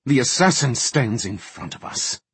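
A man's voice: low voice, big pitch swings, measured pace, husky, no room sound, heavily acted. A man voicing an arrogant, hot-tempered male elf mage who sneers and snarls. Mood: arrogant anger.

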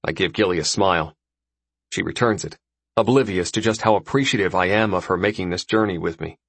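Husky-voiced male audiobook narrator. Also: low voice, a little fast, no echo. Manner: expressive, storytelling. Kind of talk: scripted first-person narration.

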